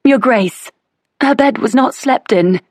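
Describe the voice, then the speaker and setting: A woman's voice: medium pitch, animated, fairly quick, darkish tone, no room sound, clean studio sound, pitched above the performer's own voice. A woman voicing a timid, frightened young housemaid in a historical audiobook, her words trembling and pleading.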